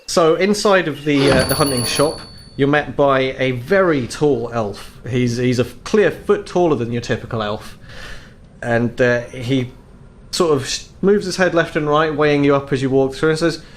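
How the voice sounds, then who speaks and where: A man's voice: mid-range voice, moderate pace, slight background noise. Man narrating as game master.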